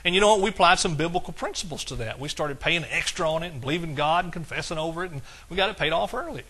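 A preacher from East Texas with the accent to match delivers a folksy sermon, breaking into exclamations as he quotes old-style scripture. His voice is bright and forceful and sits a little high for a middle-aged man. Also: animated, fast talker, husky. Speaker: pastor.

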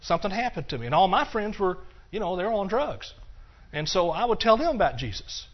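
Preaching his personal testimony, an older man from Texas sounds earnest and repeats himself, his somewhat high voice swinging widely in pitch as he alternates quiet, unhurried stretches with fervent outbursts. The audio is dull and lo-fi.

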